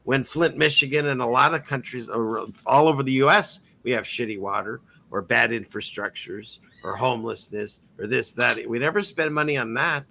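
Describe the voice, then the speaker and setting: A man's voice: medium pitch, moderate pace, gravelly, few pauses, bright, forceful tone. A man hosting a casual online talk show, rambling through a story with frequent restarts and easy laughter. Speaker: podcast host. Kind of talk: casual chat.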